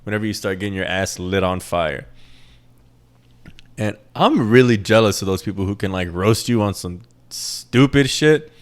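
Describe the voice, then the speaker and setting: Young male podcast host, flat Midwestern accent, slightly low voice, loose rambling delivery with plenty of swearing. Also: normal speed. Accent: plain Midwestern American. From American Midwest. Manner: rambling, self-deprecating, swears freely. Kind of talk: casual solo podcast chat.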